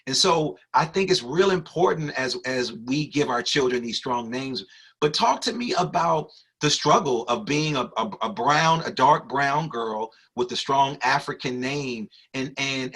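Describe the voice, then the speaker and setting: Male podcast host, bright forceful tone, playful and teasing, in a studio. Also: medium pitch, moderate pace, breathy edge. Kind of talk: casual interview chat. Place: recording studio.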